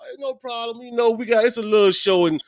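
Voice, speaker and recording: A man hosting a podcast interview in a relaxed, slangy way, often repeating his phrases. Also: very high-pitched, fast talker, no room sound, clean studio sound. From Virginia, USA. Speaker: podcast host. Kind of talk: casual interview chat.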